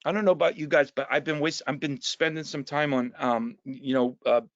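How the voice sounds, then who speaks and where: New Jersey man, pitched a bit high, halting recovery share with restarts, lo-fi online call. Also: fairly even intonation, no room sound. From New Jersey, USA. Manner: earnest, repetitive, many restarts and fillers. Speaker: recovery meeting speaker. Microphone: video call mic. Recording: dull, lo-fi dry online call audio.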